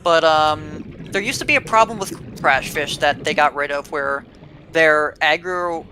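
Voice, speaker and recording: A man's voice: a little high, unhurried, a little hiss or hum, poor audio. A man giving casual, explanatory gameplay commentary, often restarting his sentences. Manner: explanatory, with restarts and filler words. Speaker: game commentator. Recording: voice over loud game music.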